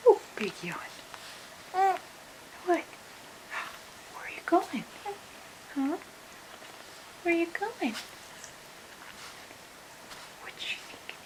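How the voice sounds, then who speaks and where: A woman's voice: very high voice, very animated, very slow, long pauses, low-quality recording. An older woman, a grandmother, talking in sing-song baby talk to an infant at home, often dropping to a whisper. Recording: home video with loud background noise.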